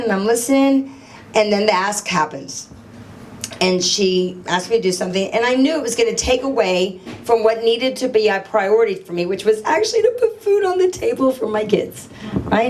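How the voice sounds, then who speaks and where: A woman in middle age speaks to a live audience from a stage, her voice pitched on the high side. She tells personal stories with energy, playing out both sides of conversations and drawing the crowd in with questions. A faint hum of room noise sits behind her. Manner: animated storytelling, acting out dialogue, asking the crowd questions. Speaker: motivational speaker. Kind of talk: live motivational talk to an audience.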